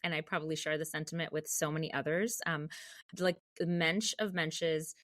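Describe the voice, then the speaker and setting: Lively woman cantor telling her story. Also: sits low, normal speed. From United States. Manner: animated, acts out quoted voices. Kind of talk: interview storytelling.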